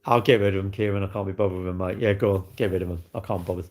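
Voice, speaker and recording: A man's voice: low-pitched, fairly even intonation, racing, a little mellow. Rambling man hosting a livestream. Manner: rambling, repetitive, blunt, chatty. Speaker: livestream host. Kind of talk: casual chat to live viewers.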